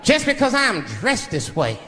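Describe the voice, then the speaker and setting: A man putting on the voice of an indignant young woman at a bar, protesting in a sassy, drawn-out way. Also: sits high, huge pitch swings, bright, forceful tone, pitched above the performer's own voice, exaggerated voice. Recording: echoey hall with crowd noise.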